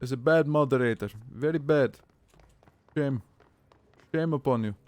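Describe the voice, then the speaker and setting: A man's voice: mid-range voice, a little slow, darkish tone, no room sound, natural voice. A man putting on a stern Russian accent with broken grammar, playing an angry scolding Russian man. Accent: put-on Russian.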